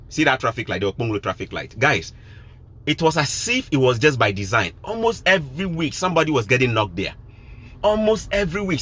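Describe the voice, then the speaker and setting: A man's voice: medium pitch, a bit bright. A man from Ghana with a Ghanaian accent, talking to his viewers in a casual live stream, emphatic and preachy, repeating his points. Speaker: vlogger.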